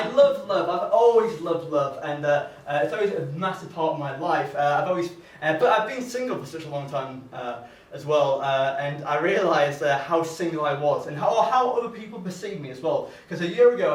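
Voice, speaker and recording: A man's voice: on the high side, roomy sound, far from the mic. A young man doing stand-up in front of an audience, hesitant, with lots of fillers and restarts, laughing often. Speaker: stand-up comedian. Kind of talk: stand-up comedy set. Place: comedy venue with live audience.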